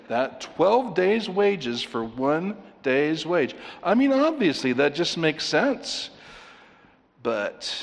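A man teaching a Bible passage verse by verse, animated, acting out the characters with quick asides and chuckles. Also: medium pitch, in a large hall. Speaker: preacher.

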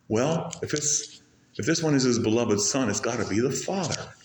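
Lively in intonation, a man preaches as a pastor, alternating booming, rising peaks with quiet, low passages and slowing down sharply to linger on key phrases. There's reverb and a faint hiss or hum.

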